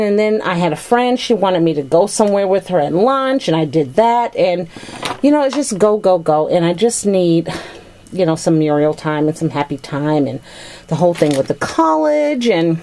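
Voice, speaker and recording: A woman's voice: on the low side, darkish tone, a little hiss or hum. A middle-aged woman chatting casually while unboxing a gift package, gushing with thanks over each item. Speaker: vlogger opening a gift package.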